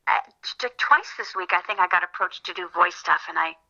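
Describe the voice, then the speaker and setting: Woman guest, light youthful tone, very bright, earnest storyteller, lo-fi call sound. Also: lowish voice, fairly quick, creaky. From Minnesota. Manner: earnest, animated storytelling with frequent laughs. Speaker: interview guest, filmmaker and actress. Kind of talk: casual interview chat.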